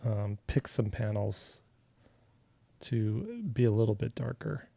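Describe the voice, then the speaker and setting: A man from Arizona giving a relaxed, chatty digital art tutorial, talking as he works, with filler words and restarts. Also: fairly low pitch, takes it slowly, vocal fry, dry recording. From Arizona, USA. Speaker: artist teaching a digital coloring tutorial. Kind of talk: casual live drawing tutorial.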